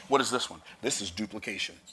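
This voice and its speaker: A man's voice: fairly low pitch, fast talker, bright, forceful tone, a little hiss or hum. A man preaching a sermon, reading scripture aloud and explaining it with emphatic, rising declarations.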